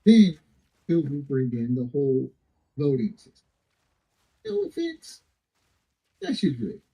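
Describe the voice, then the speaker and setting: A man's voice: mid-range voice, wildly swooping pitch, measured pace, mellow, husky, poor audio. A man hosting a live stream in casual chat, talking in a heated, rambling, heavily profane way. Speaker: streamer host.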